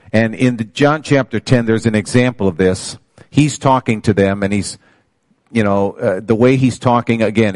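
An older man preaching a sermon in a low voice. He calls out to the congregation and reads scripture with rising emphasis. The sound is dry and close, with little room echo. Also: darkish tone. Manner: preaching with call-outs to the congregation. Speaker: pastor.

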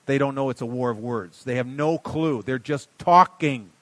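A man preaching a sermon in a folksy way, swinging from quiet asides to loud emphatic bursts. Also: medium pitch, normal speed, no room sound. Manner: folksy, calls listeners buddy and darling. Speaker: pastor.

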